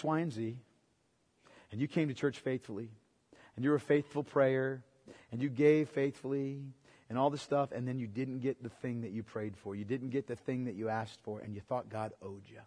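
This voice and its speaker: A man preaching a sermon as pastor, rising to loud emphatic peaks and dropping to quiet asides, repeating phrases for emphasis. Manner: swings from quiet, low asides to loud, high emphatic climaxes.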